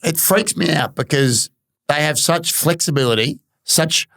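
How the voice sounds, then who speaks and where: A man's voice: a little high, a little slow, vocal fry, a bit bright, no echo, studio quality. A man co-hosting a podcast, chatting casually in a rambling way and restarting sentences. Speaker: podcast co-host. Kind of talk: casual chat.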